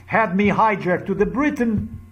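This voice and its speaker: A man's voice: sits high, expressive, unhurried, fairly bright tone, muffled recording. A man delivering an angry, repetitive monologue to camera, full of heated crude outbursts. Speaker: vlogger.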